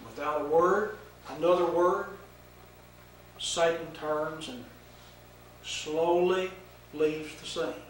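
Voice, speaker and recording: An older man teaching a Bible lesson, telling the story in a slow, folksy way with fillers, in an echoey room with the mic set far off. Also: a little high, a little hiss or hum.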